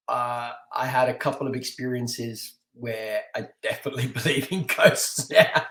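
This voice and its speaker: A middle-aged man from London telling a story as a podcast guest, animated and laughing often, with lots of restarts. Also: medium pitch, echoey room. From London, England. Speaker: podcast guest, martial artist and stunt actor. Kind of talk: casual storytelling interview.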